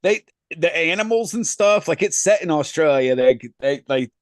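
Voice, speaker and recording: A man's voice: on the high side, lively intonation, normal speed, no room sound, studio quality. A man co-hosting a casual podcast, rambling through profane banter with lots of fillers and frequent laughs. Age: adult parent. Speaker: podcast co-host.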